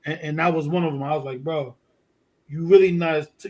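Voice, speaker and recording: New man, a bit high-voiced, a guest spinning a gritty story with lots of energy. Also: fairly quick. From Fort Greene, Brooklyn. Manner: animated, profane street storytelling. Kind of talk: casual storytelling.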